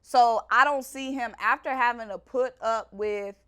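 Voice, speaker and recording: A woman's voice: on the high side, fairly even intonation, a little slow, fairly bright tone, clear, resonant tone. Woman hosting a sports show, chatty and playful, asks a lot of questions. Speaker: host. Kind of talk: casual sports debate.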